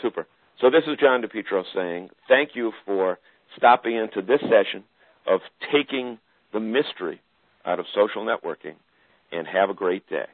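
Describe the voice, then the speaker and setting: A man's voice: on the low side, animated, moderate pace, no room sound, phone-quality sound. Joking man hosting a radio show. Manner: jokey, puts on an announcer voice for plugs. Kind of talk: casual radio interview.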